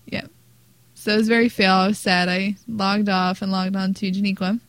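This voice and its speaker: A woman's voice: medium pitch, flat delivery, normal speed, a bit bright, no echo, poor audio. Chatty woman, dry close voice. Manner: chatty, laughs while telling stories. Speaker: podcast co-host. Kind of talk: casual gaming podcast chat.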